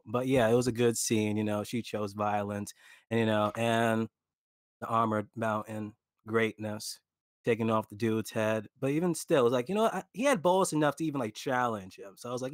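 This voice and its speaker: A man talking in a casual podcast chat, slangy and animated, acting out his own reactions. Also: fairly low pitch, fairly quick, dry recording, studio quality. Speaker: guest podcaster.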